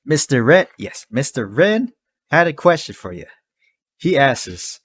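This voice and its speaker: A man's voice: mid-range voice, slightly rough. A young man chatting casually on a podcast, laughing and imitating phrases as he explains them. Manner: slow, lively, laughs and mimics phrases. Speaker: podcast guest.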